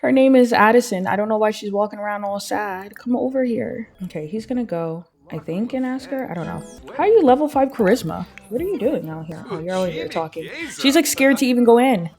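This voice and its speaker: A woman's voice: mid-range voice, animated, a little mellow, faint music behind. Chatty woman narrating her gameplay. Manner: chatty, voicing sims in quick asides. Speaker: gameplay host. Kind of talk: casual let's-play commentary.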